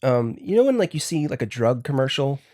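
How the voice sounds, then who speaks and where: A man's voice: medium pitch, very animated, darkish tone, no room sound, studio quality. A man, a podcast guest, telling stories casually, stopping and restarting often. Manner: halting, full of restarts and fillers. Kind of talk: casual storytelling.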